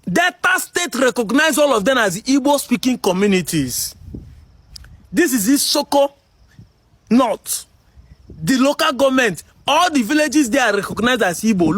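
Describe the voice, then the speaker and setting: High-pitched combative Nigerian man. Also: breathy edge, dry recording. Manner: combative, rhetorical questions, shouting at times. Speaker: commentary video host. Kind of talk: heated commentary monologue.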